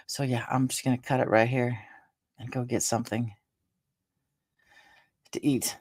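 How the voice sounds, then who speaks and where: A woman hosting a casual live stream, rambling along with halting restarts and fillers, sounding tired and drained. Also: rumbling low, steady tone, dry recording, clean studio sound. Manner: meandering, halting talk with many restarts and fillers. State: tired and drained after a stressful day. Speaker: livestream host.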